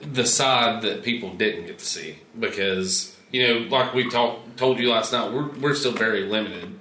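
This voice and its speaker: A man's voice: on the low side, moderate pace, sharp tone. A man hosting a podcast interview, asking rambling, hesitant questions in a casual way. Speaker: podcast host. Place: convention hall. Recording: echoey convention hall with faint noise.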